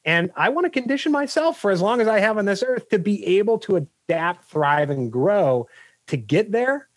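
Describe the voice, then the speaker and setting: A middle-aged man, a business coach and guest, talking in an energetic, emphatic way full of anecdotes. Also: sits high, moderate pace, no echo, clean studio sound. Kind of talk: interview answers.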